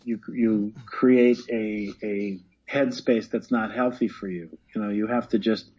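Husky man, slightly dull recording. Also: fairly low pitch, fairly even intonation, a little slow, dark tone. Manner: earnest, explanatory, repeats words as he builds a point. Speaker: guest, acting teacher. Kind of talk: casual conversation.

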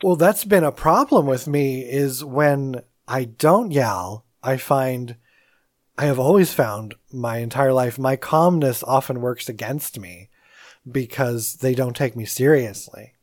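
A co-host in casual conversation, calm and measured, who laughs often and acts out quoted voices. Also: medium pitch, no echo, studio quality. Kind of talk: casual chat.

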